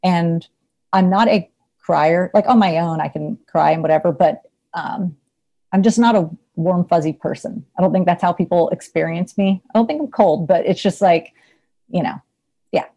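A woman therapist speaks as a podcast guest in a casual interview, her fairly low voice mellow and relaxed. She's chatty, laughs easily, and fills her sentences with "like" and "you know," staying loose and unhurried on a muffled recording.

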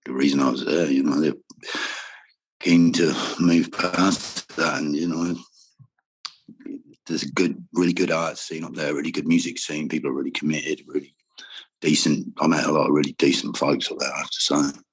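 A man's voice: rumbling low, level tone, normal speed, slightly rough. A man in a casual interview, telling rambling stories about music and travel, swearing freely and laughing often. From Wales. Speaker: guest musician.

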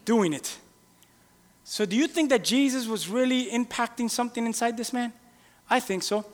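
A male pastor preaching a sermon in a casual, animated way, firing rhetorical questions at the congregation. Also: very high-pitched, moderate pace. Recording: long reverb in a large hall.

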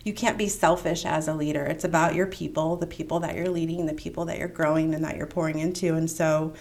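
A woman co-hosting a podcast who explains leadership ideas in a calm, steady way. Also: deep voice, quick pace. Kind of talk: casual chat.

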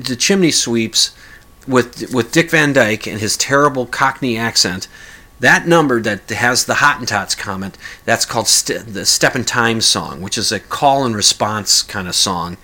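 Male podcast host, chatty and rambling, bright forceful tone. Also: medium pitch. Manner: rambling, with many restarts and sung mock lyrics. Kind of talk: casual monologue.

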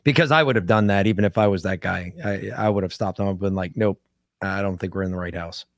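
A man's voice: low-pitched, fast, no room sound, clean studio sound. A man co-hosting a podcast, chatting casually and laying out a laid-back guess. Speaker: podcast co-host.

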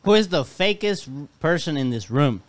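A man joins a casual podcast chat, teasing the hosts. His pitch moves a lot, giving his lines a lively, playful bounce. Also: moderate pace, no room sound. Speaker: podcast guest.

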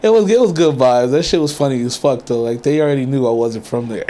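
A man's voice: mid-range voice, fast, warm tone. Laid-back man swearing casually. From California. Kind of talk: casual chat.

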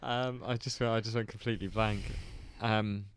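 Smooth-voiced man hosting a podcast. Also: fairly low pitch, fairly even intonation, moderate pace, dry recording. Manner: laid-back, chuckling, reads out listener answers with many ums. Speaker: podcast host. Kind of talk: casual chat.

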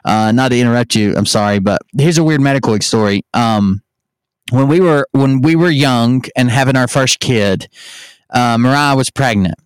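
A man in his thirties rants and jokes with a sarcastic edge, swearing freely as he hosts a live podcast. His voice sits at a middle pitch and sounds dry and close, with no room around it. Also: normal speed, clear, resonant tone, no echo. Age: 30s. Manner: profane, ranting, sarcastic. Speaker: podcast host. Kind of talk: live-stream podcast chat.

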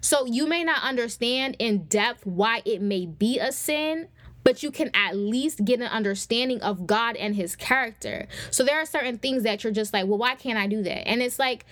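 A young woman talks her listeners through a faith lesson in a relaxed, conversational preaching style, often calling them "y'all." Her voice sits a little high. The recording is close and dry, with no room sound. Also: no room sound. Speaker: podcast host. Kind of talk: faith-based teaching talk.

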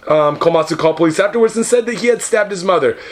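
A man's voice: high-pitched, quick pace. A man co-hosting a podcast in casual chat, crude and joking, full of profanity. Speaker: podcast co-host.

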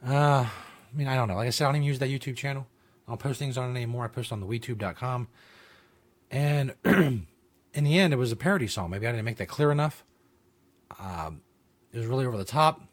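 A man hosting his own talk show, rambling casually with lots of fillers, restarts and swearing. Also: mid-range voice. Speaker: show host. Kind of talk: casual podcast monologue.

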